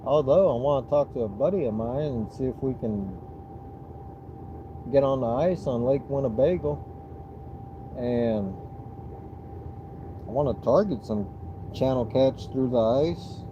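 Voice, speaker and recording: A middle-aged man with a Southern US accent, chatting casually on a fishing livestream in a relaxed, rambling way with frequent restarts. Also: mid-range voice, a little slow, long pauses, dull audio, noisy background.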